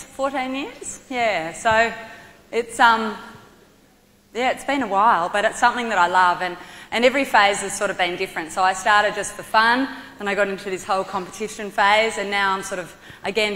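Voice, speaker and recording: A woman from Australia giving a lively motivational talk to a young audience, leading a martial arts demonstration and calling out instructions. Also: medium pitch. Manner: energetic, playful instructor, shouts commands. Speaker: guest speaker, martial arts athlete. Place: large hall with audience. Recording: reverberant hall.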